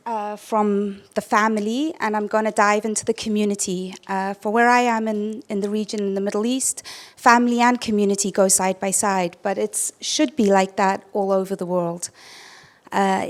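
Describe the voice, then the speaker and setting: A woman from Zimbabwe who coaches field hockey, speaking on a conference panel in a measured, storytelling way. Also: mid-range voice. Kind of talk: panel talk.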